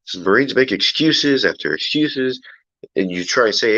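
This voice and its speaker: A man's voice: fairly low pitch, expressive, moderate pace, a bit bright, no room sound. A man talking in a casual, exasperated way. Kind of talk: casual chat. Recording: dull, dry, lo-fi sound.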